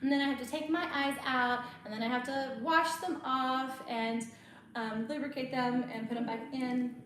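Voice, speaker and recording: A woman's voice: high-pitched, fairly even intonation, moderate pace, fairly bright tone. A woman, chatting casually as host and telling stories with a lot of laughter. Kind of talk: casual chat. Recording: very echoey room, faint noise.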